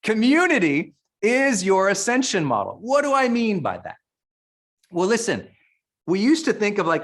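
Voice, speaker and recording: A middle-aged man speaking as a summit presenter at a live online session, fired up and energetic, repeating phrases for emphasis. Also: sits high, moderate pace. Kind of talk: live webinar teaching.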